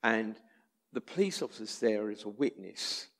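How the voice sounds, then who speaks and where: Gravelly low-voiced English man telling stories. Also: animated, normal speed, a bit bright. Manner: conversational anecdotal storytelling, acts out quoted voices. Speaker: street chaplain. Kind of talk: personal testimony in a church talk.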